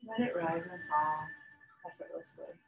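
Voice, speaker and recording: Soft-spoken woman guiding a meditation. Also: low voice, dull audio, noisy background. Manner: soft, slow, soothing instructions with long pauses. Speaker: yoga teacher. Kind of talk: guided meditation.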